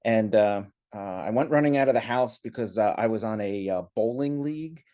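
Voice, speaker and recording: Podcast co-host, a man with a lowish voice, dry humor, rambling anecdotes full of "uh"s. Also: mellow. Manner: halting, many fillers, dry understated humor. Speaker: teen coach and podcast co-host. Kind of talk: casual chat, personal storytelling.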